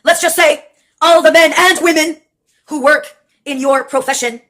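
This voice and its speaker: A woman with a high voice talks in a loose, rambling monologue. She is sarcastic and profane, laughs often, and jumps from one topic to the next. She comes from Texas. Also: fairly even intonation, normal speed, sharp tone. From Brownsville, Texas.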